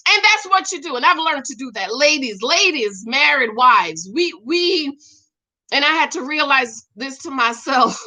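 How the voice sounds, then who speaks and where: A middle-aged woman hosts a relaxed chat show, reading out viewer comments in a high, bright voice. She is animated and laughs often as she talks straight to her audience. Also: a little slow. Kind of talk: casual chat.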